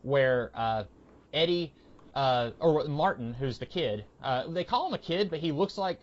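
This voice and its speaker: A man's voice: on the high side, expressive, unhurried. Man chatting in a lo-fi recording. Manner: rambling, lots of fillers and quoted asides. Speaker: podcast co-host. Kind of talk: casual comic book review chat. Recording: dull lo-fi podcast audio.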